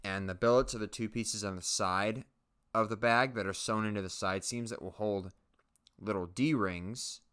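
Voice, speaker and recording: Deep, smooth-voiced man rambling casually. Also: fairly even intonation, moderate pace, fairly bright tone. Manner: rambling, self-mocking, jokey asides. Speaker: leatherworking channel host. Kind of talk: casual voice-over commentary on his own footage.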